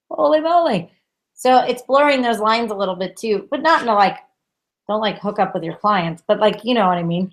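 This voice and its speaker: A woman co-hosting a tarot chat in a casual, emphatic way, full of "like" and quick laughs. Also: on the high side. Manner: emphatic, exasperated, laughs often, says "like" a lot. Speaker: co-host tarot reader.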